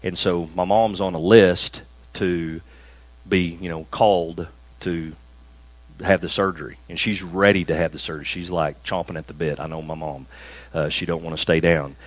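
A deep-voiced male pastor gives a conversational sermon, slowing down to lean on the phrases he wants remembered. The sound is dry and close, with no room echo. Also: steady tone. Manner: conversational preaching, slow emphatic stresses on key phrases. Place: small church room, also streamed.

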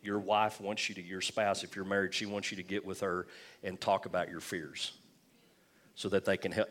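Low-voiced pastor preaching casually. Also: male voice. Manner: conversational and joking, with frequent restarts. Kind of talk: sermon.

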